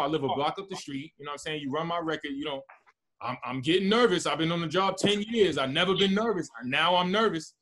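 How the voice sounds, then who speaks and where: A man's voice: on the high side, brisk, bright, forceful tone. A man, animatedly telling a story with lots of swearing in casual podcast talk. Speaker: podcast co-host.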